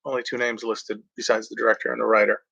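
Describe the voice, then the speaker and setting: A man talking casually about movies, rambling and halting, often clearing his throat and filling pauses. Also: on the low side, flat delivery, pushed and bright, highs cut off. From Mexico. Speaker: movie reviewer. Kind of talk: casual movie talk, reading back covers.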